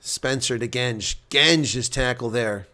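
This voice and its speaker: A man giving live reaction play-by-play commentary on a rugby match, getting loud on big plays and dropping to quiet asides. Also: mid-range voice, takes it slowly.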